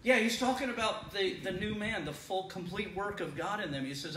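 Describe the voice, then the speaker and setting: A man's voice: high voice, a little fast, hardly any pauses, fairly bright tone, distant mic. A middle-aged man leading a Bible study in a congregation room, talking in a conversational, folksy way with repeated words and frequent laughs. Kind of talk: sermon-style Bible teaching. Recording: echoey room, voice from off the mic.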